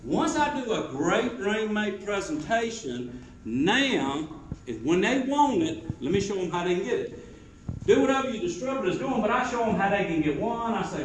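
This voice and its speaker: High-voiced sales trainer in a hall. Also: male voice, normal speed, recorded from a distance. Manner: animated, quizzes the audience, acts out sales pitches. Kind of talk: sales rally talk to a live audience. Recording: roomy hall echo with faint noise.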